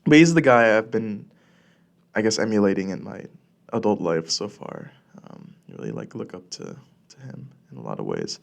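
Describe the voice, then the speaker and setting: A young man talks close into a podcast mic, rambling loosely with plenty of fillers and false starts. His low voice has a gravelly fry, and he sounds a bit congested from a cold. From California. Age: young adult. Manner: rambling, filler-heavy with many likes and restarts. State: congested, clearing his throat. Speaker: podcast host. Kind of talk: casual solo podcast monologue. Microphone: studio podcast mic.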